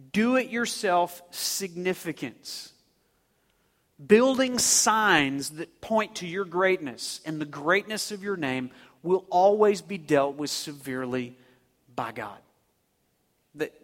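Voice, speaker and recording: A male pastor preaches with emphasis, repeating key phrases and asking rhetorical questions. His voice is high and swings widely in pitch. A long reverb trails his words, as in a big hall. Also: a bit bright. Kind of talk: sermon.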